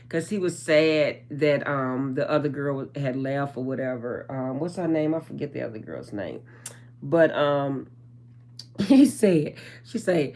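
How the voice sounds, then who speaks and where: A woman's voice: deep voice, moderate pace. Chatty woman doing a spiritual vlog. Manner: chatty, addresses viewers as guys, trails off with um. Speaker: spiritual channeler. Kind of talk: casual spiritual vlog talk.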